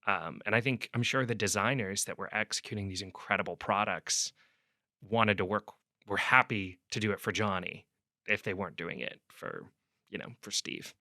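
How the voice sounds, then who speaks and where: Bright-voiced man telling a long story. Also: on the low side, normal speed, no echo, clean studio sound. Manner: rambling storyteller, restarts, acts out quotes loudly. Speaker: sports reporter guest. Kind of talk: conversational interview.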